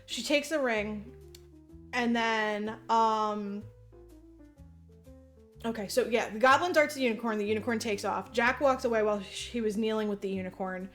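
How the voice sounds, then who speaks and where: A woman co-hosting a podcast, recapping a movie in casual, profane, rambling chat and acting out the characters in quick voices. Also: on the high side, soft background music. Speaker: podcast co-host.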